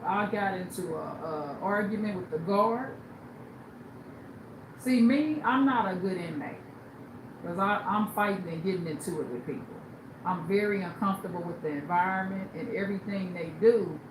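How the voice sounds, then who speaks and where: A blunt, animated woman telling stories on a livestream, switching into voices for the people she quotes. Her voice sits in a middle range. The room is echoey, and steady background noise runs underneath. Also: mid-range voice, moderate pace. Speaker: livestream host. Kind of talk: casual storytelling on a livestream.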